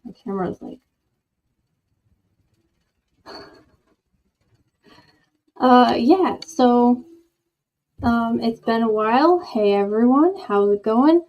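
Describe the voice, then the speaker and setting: A woman chats slowly and unhurriedly through a casual livestream from her home. She rambles, jokes at her own expense and laughs easily. Her old microphone makes the sound dull and lo-fi. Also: a little high. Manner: rambling, self-deprecating, chatty with laughs. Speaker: livestream host. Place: home room with candles. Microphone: old desk microphone.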